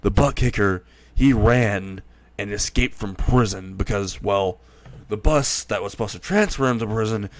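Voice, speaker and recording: A man voicing a male paramedic who explains things in a flat, factual way. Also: lowish voice, normal speed, natural voice. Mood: matter-of-fact. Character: matter-of-fact male paramedic.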